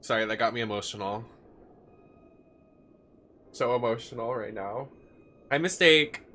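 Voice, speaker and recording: A man's voice: medium pitch, unhurried, pushed and bright. A man streaming a video game, chatting with campy, dramatic outbursts and frequent laughter. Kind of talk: livestream gameplay commentary.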